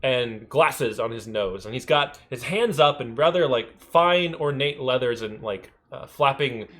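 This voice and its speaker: A man's voice: mid-range voice, unhurried, a bit bright. A man narrating a tabletop game as game master, hesitant and full of ums. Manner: hesitant, many ums and uhs.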